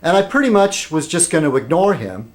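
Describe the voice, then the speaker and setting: A man's voice: fairly high pitch, big pitch swings, brisk. Guy rambling on his weekly vlog, voice bounces up and down a lot, dry jokes, loses his train of thought. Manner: meandering, self-interrupting, dry humor. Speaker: vlogger. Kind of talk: rambling casual monologue.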